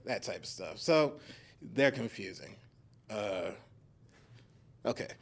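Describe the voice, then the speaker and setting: Man, stand-up comedian, first set, rambling, lively voice, club stage. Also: on the low side, slow pace. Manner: nervous first-timer, rambling with fillers.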